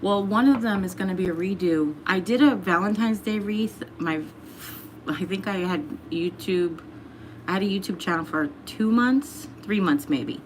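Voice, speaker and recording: A woman's voice: mid-range voice, normal speed, slight background noise. Chatty woman hosting a home livestream. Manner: chatty, laughs often, reads out comments. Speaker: livestream host. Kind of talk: casual chat with viewers.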